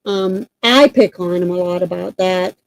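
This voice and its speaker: This is a woman co-hosting a paranormal team's channel, and as a team member she chats casually about team news and upcoming events, rambling and using plenty of fillers. Her voice is fairly low, gravelly and a touch slow. The audio quality is poor.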